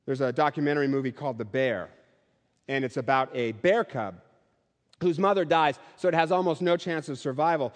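A male pastor preaching a Christmas sermon with rhythmic, building repetition. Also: on the high side. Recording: long hall reverb.

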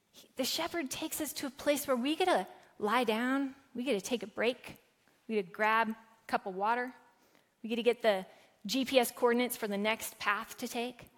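Woman pastor, high voice, chatty and playful from the pulpit; long church reverb. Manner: warm conversational preaching with playful asides. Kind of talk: sermon. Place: church sanctuary.

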